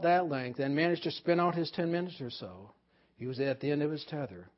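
A man pastor preaching a sermon, swinging from loud emphasis to hushed near-whisper. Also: a little high, brisk. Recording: dull lo-fi sermon recording.

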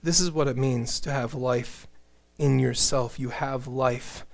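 A middle-aged man preaching a sermon, earnest and animated, with joking asides to the congregation. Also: mid-range voice, unhurried, creaky. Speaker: pastor.

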